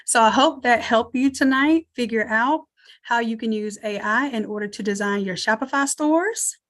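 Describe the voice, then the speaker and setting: A woman with a Southern American accent and a fairly high voice hosts a live online design class over a computer mic on a video call. She talks to her viewers in an energetic, encouraging way, calling them y'all. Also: moderate pace. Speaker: online design course instructor. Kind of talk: live webinar teaching and promotion.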